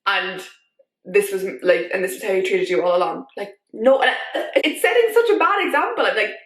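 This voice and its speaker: A woman vlogger talking in a casual, animated way, full of fillers as she shares her opinions. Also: mid-range voice, brisk. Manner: chatty, animated, many fillers like "like". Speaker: YouTube vlogger. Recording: echoey room.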